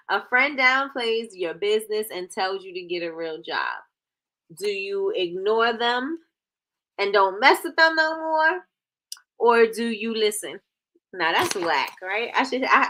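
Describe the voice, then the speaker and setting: Woman host, bright tone, sassy and playful, reading chat comments live. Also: medium pitch. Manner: animated, laughing, playful sass. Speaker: livestream host.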